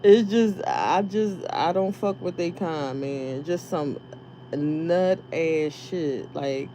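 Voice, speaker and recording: A woman's voice: fairly low pitch, animated, takes it slowly, warm tone, a little hiss or hum. A woman venting casually to her viewers, rambling, swearing and laughing as she tells stories. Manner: profane, laughing, rambling storytelling. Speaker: live streamer.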